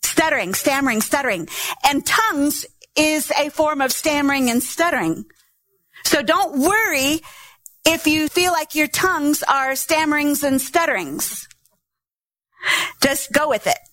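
A woman's voice: sits high, expressive, a little slow, fairly bright tone, no room sound. A middle-aged woman pastor preaching a sermon, teaching patiently and sounding out syllables to demonstrate.

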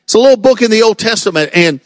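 A man preaching a sermon as a pastor, swinging between slow dramatic lines and quick asides. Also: high-pitched, animated, dry recording, clean studio sound.

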